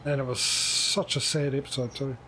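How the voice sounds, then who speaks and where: A man's voice: medium pitch, little pitch movement, moderate pace, pushed and bright, a little hiss or hum. A man streaming a game, chatting casually and joking at himself while he plays. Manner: chatty, self-mocking, talks to himself while playing. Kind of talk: casual gaming livestream chat.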